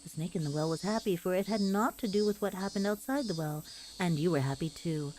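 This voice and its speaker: A woman reading on-screen game text aloud in a measured, deliberate way. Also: lowish voice, a little mellow, a little hiss or hum.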